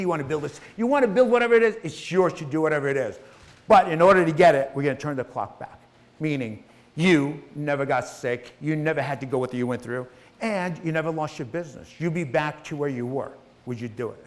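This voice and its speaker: A middle-aged man giving a motivational stage talk to a live audience, emphatic and repetitive, speaking straight to the crowd. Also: a little high. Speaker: guest speaker. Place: event hall with live audience.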